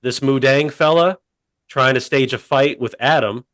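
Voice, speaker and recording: A man telling a funny story on a podcast in a deadpan, rambling way, full of fillers. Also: mid-range voice, measured pace, dry recording. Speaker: podcast co-host. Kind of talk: casual comedic storytelling.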